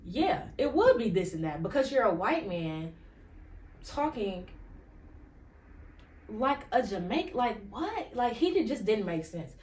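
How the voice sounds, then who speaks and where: This podcast host's voice is fairly high and darkish, swinging widely in pitch at a measured pace with frequent pauses. Talking solo and casually, she rambles with lots of "like" and "um," far from the mic in an echoey room.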